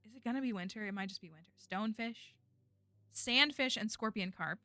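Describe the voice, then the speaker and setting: A woman's voice: medium pitch, a little fast, pushed and bright, no echo. A woman streaming a game, talking casually and rambling with lots of fillers. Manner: chatty, rambling, many fillers like "like" and "um". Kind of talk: casual gameplay chat.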